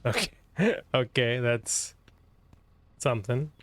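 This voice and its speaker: Tired, low-voiced man playing a game. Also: unhurried, slight background noise. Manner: tired, mumbling, swears offhand. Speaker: gaming streamer. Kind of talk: casual let's-play commentary.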